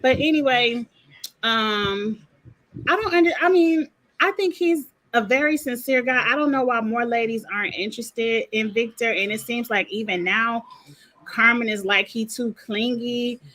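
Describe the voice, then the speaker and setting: A woman's voice: on the high side, moderate pace, a bit bright, low-quality recording. Sassy, blunt woman reviewer. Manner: sassy, blunt, uses slang and asides. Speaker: reality show reviewer. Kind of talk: casual opinionated recap.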